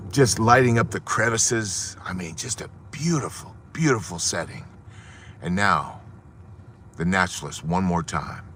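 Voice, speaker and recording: Animated man telling a parable. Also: lowish voice, slight background noise. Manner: animated, dramatic storytelling with hushed moments. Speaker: host giving an inspirational talk. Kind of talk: sermon-style storytelling.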